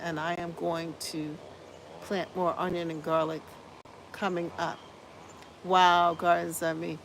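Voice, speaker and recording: Scratchy-voiced woman hosting a gardening livestream. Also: lowish voice. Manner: effusive and upbeat, repeats phrases, exclaims hallelujah. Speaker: gardening channel host. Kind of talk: casual livestream chat reading viewer comments.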